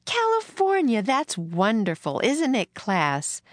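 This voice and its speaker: A woman's voice: mid-range voice, sing-song, measured pace, no echo, voice pushed up. A woman doing a kind frontier schoolteacher. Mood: delighted. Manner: gentle, encouraging, a little proper.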